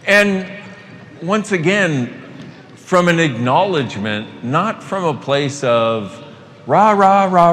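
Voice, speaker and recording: A man giving a live motivational talk to an audience, animated and playful, swearing casually. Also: fairly high pitch. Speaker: workshop facilitator. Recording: long hall reverb, faint noise.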